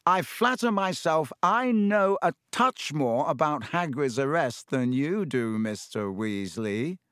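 A man voicing a vain, pompous male wizard teacher in an audiobook, speaking slowly and condescendingly. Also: a little high, animated, fairly bright tone, dry recording, clean studio sound. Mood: smug. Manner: slow, condescending, beaming. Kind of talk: audiobook reading.

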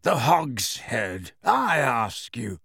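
A man voicing a wry, teasing grown man in an audiobook reading, delivered with lively intonation. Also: mid-range voice, extremely slow, gravelly, dry recording, studio quality, heavily acted. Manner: teasing, self-assured.

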